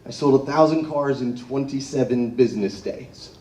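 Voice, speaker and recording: A man giving an animated storytelling speech to a live audience, often tagging his lines with "right?". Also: mid-range voice, normal speed, slight background noise. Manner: animated, tags phrases with "right?". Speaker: motivational speaker. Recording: echoey room, far from mic.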